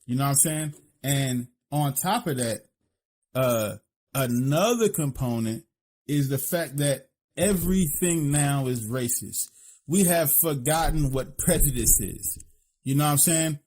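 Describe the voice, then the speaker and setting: A man's voice: medium pitch, a little slow, darkish tone. Blunt profane man with Philly accent. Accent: Philadelphia. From Philadelphia. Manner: blunt, profane, says "you know what I'm saying" constantly. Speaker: podcast co-host. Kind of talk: casual opinionated podcast talk.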